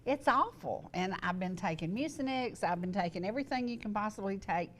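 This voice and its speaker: A woman's voice: mid-range voice, lively intonation, fairly quick, fairly bright tone. Wheezy older woman hosting. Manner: chatty, laughs often. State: wheezy and congested. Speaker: talk show host. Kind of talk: casual chat. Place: TV studio set.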